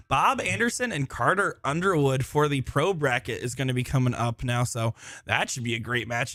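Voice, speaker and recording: A man's voice: mid-range voice, a bit bright, clean studio sound. A man commenting live on a darts tournament from a busy hall, chatting and joking about himself. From Florida. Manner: chatty, joking, self-deprecating.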